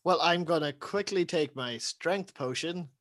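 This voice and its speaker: A man's voice: fairly high pitch, a little slow, fairly bright tone. A man playing a tabletop game, goofy and giggly with crude jokes. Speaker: player. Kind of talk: casual tabletop game banter.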